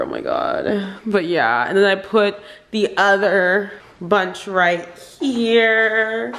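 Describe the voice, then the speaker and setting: A woman's voice: medium pitch, very animated, takes it slowly, vocal fry, fairly bright tone. A young woman chatting in a gushing, chatty way at home, full of "like" and laughter. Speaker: vlogger, bride. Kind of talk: casual chat.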